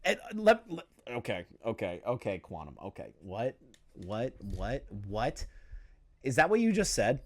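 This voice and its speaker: A man's voice: medium pitch, very animated, moderate pace, fairly bright tone. A young man hosting a reaction commentary, profane and incredulous, often breaking into disbelieving laughter. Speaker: commentary channel host.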